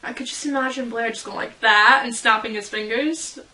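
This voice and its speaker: A woman's voice: fairly high pitch, fairly even intonation, moderate pace, sharp tone, poor audio. A young woman vlogging casually as a fan, rambling and giggling at herself. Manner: giggly, rambling, self-deprecating. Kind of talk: casual chat.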